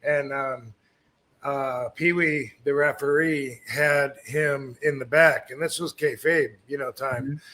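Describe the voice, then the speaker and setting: Middle-aged male host, bright tense tone, relaxed storyteller who curses casually. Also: medium pitch, slow pace. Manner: laid-back storyteller, swears freely. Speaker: podcast host, former wrestler.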